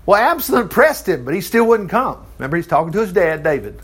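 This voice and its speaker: Preacher, high voice, big swings, wry asides. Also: male voice, sing-song, fast talker, a bit bright, breathy edge. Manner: folksy asides, wry commentary. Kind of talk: sermon, conversational storytelling.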